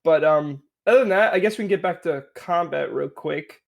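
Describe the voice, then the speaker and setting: A man's voice: fairly high pitch, moderate pace, vocal fry. A young man co-hosting a casual game review podcast, chatty and rambling, laughing often. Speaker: podcast co-host.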